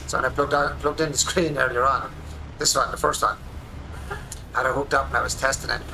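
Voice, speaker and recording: An Irish man in his forties, a streamer rambling excitedly through casual commentary while he plays a game at his home desk. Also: medium pitch, brisk, creaky, a little hiss or hum, low-quality recording. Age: 40s.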